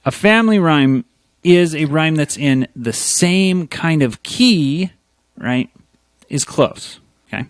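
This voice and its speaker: A man's voice: a little high, animated, slow, dry recording. A man co-hosting a casual podcast, explaining meter and rhyme in a teacherly way and checking in with "okay?" after his points. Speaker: podcast co-host. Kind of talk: casual podcast chat, explaining lyric theory.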